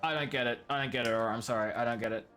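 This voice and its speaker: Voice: medium pitch, steady tone, rapid-fire, fairly bright tone, soft background music. A streamer in their late twenties chatting casually with viewers, ranting and mocking themselves, swapping swears for "fudging". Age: 20s. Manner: talks to chat by name, self-mocking. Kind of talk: casual live-stream chat while gaming.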